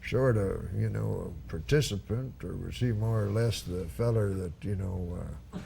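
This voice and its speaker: A man's voice: fairly low pitch, normal speed, creaky, warm tone, slight background noise, voice pushed down. A man imitating a stiff, evasive older male official who speaks hesitantly and formally.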